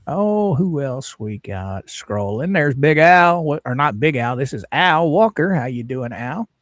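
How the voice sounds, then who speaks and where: A man's voice: medium pitch, lively intonation, a little slow, dry recording, studio quality. A man hosting a livestream, chatting casually and greeting viewers one by one by name in a folksy way. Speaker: livestream host.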